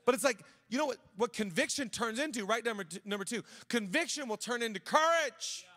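A middle-aged male pastor preaching to a large church. His voice sits high and bright, with a long reverb trailing each phrase. He talks loosely and conversationally, restarting sentences as he tells stories. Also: expressive, fast talker, hardly any pauses. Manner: conversational, many restarts, drops to quiet storytelling. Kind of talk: sermon with personal storytelling.

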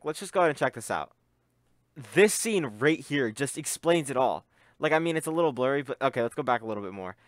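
A young man reacting to an anime scene, talking in an excited, rambling way with a slightly muffled voice. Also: a little high, no echo, clean studio sound. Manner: excitable, rambling with many "like" fillers. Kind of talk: casual reaction commentary.

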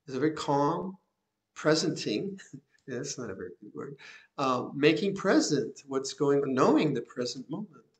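Gentle older monk giving a Dhamma talk. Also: male voice, fairly high pitch, sing-song, moderate pace. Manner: gentle, reflective, with soft laughs and repeated phrases. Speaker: Buddhist monk teacher. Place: monastery hall.

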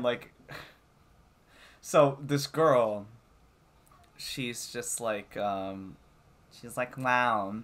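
A young man co-hosting a casual podcast, telling a story with lots of swearing and laughter. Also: on the low side. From Canada. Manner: lively storytelling, swears a lot, laughs often. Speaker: podcast co-host. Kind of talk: casual chat.

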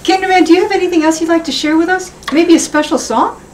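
A woman's voice: extremely high pitch, steady tone, fast, a little mellow. A woman co-hosting a children's show with a light, teasing manner. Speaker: co-host. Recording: distant mic with clear hiss.

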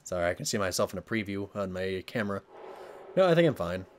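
A man's voice: low-pitched, very animated, fast, slight background noise. A man giving jokey, sarcastic commentary while playing a horror game at home on a desk mic, talking back to the game. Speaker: let's play gamer.

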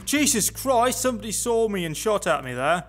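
A man's voice: sits high, big pitch swings, normal speed, a bit bright. Chatty man with game music. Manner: chatty, sarcastic, muttering to himself. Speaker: gameplay commentator. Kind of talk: casual let's play commentary.

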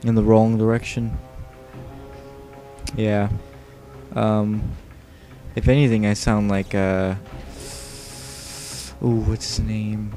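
A man's voice: on the low side, flat delivery, slow, long pauses, warm tone, faint music behind. A tired man giving casual, rambling commentary over a video game, joking and swearing often. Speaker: let's play host.

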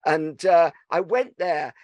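A man's voice: fairly high pitch, takes it slowly, a little mellow, no room sound. Dry-sounding male podcast host. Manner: chatty, hesitant restarts. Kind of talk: casual interview chat.

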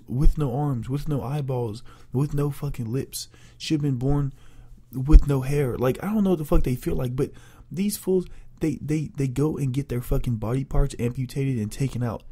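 A young man in a crude, rambling comedic rant, loud and profane as a vlogger. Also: medium pitch, husky.

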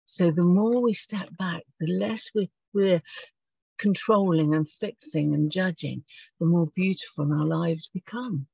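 A woman leading an online group meditation, talking softly and reflectively, gently guiding listeners. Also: fairly low pitch, a little slow, vocal fry, breathy edge, no echo, muffled recording. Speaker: meditation leader. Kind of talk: gentle spiritual talk. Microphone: video call.

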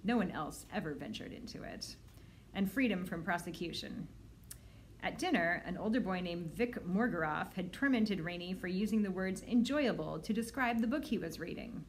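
Expressive librarian reading a children's book. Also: female voice, lowish voice, a little hiss or hum. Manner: expressive read-aloud, does character voices.

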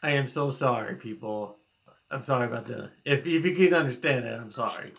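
A man hosting a reaction video, talking casually in a halting way with many ums and apologies. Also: mid-range voice, vocal fry, noisy background.

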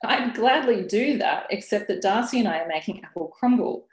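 A woman reading from her own novel, voicing a courteous and bewildered young single mother who tries to smooth things over with a neighbour. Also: medium pitch, animated, normal speed, pitched above the performer's own voice, close to an everyday voice. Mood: polite. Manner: courteous and conciliatory. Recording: roomy webinar audio.

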